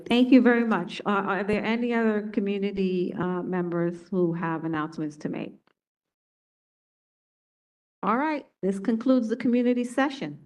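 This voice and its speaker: A woman with a New York accent chairing a public board meeting, reading out a roll call slowly and deliberately. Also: mid-range voice, a little mellow, rough recording. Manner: slow, deliberate name-reading.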